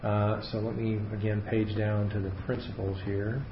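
A man's voice: lowish voice, flat delivery, moderate pace. A man leads a casual Bible study, walking through the text as he explains it and thinking aloud with plenty of fillers and restarts. His voice carries around an echoey room, and the sound is dull and slightly muffled, with a faint hiss underneath.

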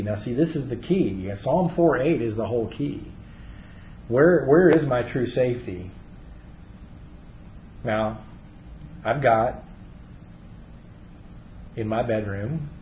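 A man's voice: on the low side, roomy sound, dull audio, slight background noise. A middle-aged man teaching a Bible class, chatty, asking his class rhetorical questions. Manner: conversational, often asks rhetorical questions.

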